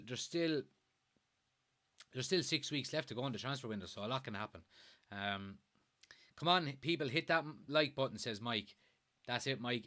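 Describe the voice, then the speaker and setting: A man's voice: medium pitch, pushed and bright. A man in his late twenties with an Irish accent from Kilkenny, hosting a fan live stream, reading viewer comments in a chatty way and swearing casually. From Ireland.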